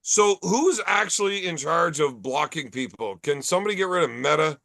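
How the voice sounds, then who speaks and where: Gravelly, bright-voiced man swearing through stories. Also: fairly high pitch, animated, normal speed, no room sound. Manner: profane, storytelling. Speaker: podcast host. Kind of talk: casual bar chat.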